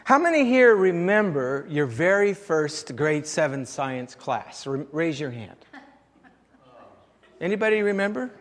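A man's voice: a little high, sing-song, measured pace. A man preaching a sermon as pastor, telling stories with many fillers and restarts. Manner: storytelling with frequent fillers and restarts. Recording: long reverb of a large hall.

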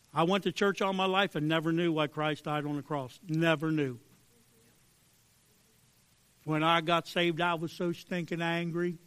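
A man preaching a fervent sermon, swinging between hushed pleading and loud emphasis. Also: on the high side, no echo. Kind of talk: sermon with altar call.

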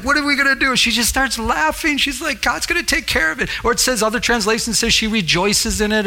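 A man's voice: a little high, sharp tone. A middle-aged man preaching a sermon, earnest and repetitive, reading scripture aloud. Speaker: pastor.

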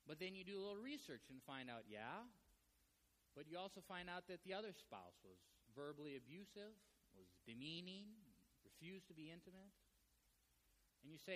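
A man delivers a sermon in a conversational, animated way, often slipping into storytelling. His voice sits a little high for a man. The big hall's long reverb trails after each phrase. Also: moderate pace. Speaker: pastor. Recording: long reverb of a large hall.

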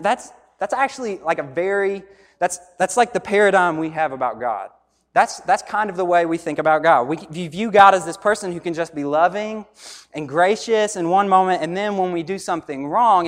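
Man preaching in a reverberant hall. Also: fairly high pitch. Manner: conversational preaching with repeated phrases and asides to the audience. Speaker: pastor. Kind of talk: sermon.

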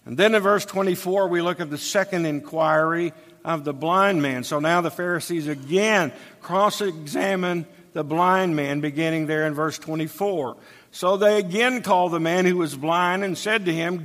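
A man's voice: a little high, normal speed, a bit bright. A man preaching an expository sermon, reading scripture aloud and explaining it verse by verse. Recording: long hall reverb.

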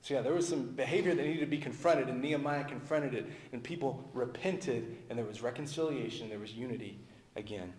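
A male pastor preaching a sermon in a conversational way, dropping low and soft at the ends of phrases. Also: a little fast. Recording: echoey hall with long reverb.

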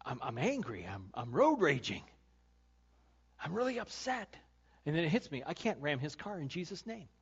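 A middle-aged male pastor giving a conversational sermon, telling a personal story with animated voices and then turning quiet and earnest to make his point. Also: a little high, fairly quick, slightly rough. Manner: animated storytelling, acting out his own road rage; turns quiet and earnest when making the point. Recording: dull lo-fi sermon recording.

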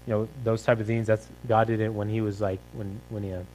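A young man giving a sermon in a relaxed, rambling way, full of fillers and repeated "right?" asides. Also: on the low side, fairly quick, faint music behind, poor audio. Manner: rambling, filler-heavy, conversational with frequent "right?". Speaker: pastor. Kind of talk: casual sermon.

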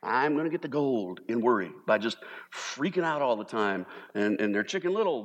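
A man preaching a sermon as pastor, animated, sometimes mimicking panicked voices for humor. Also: medium pitch, normal speed. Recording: long reverb of a large hall.

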